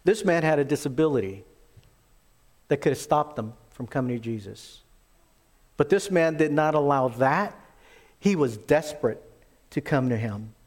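A man preaching a sermon, animated in his storytelling and acting out the quoted voices. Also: a little high, normal speed, pauses often. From lived in Texas. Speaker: pastor.

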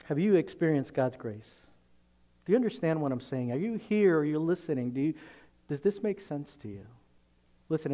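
With a fairly high, mellow voice, a man delivers a sermon in a conversational manner. The pastor asks his congregation rhetorical questions and acts out little scenes with voices.

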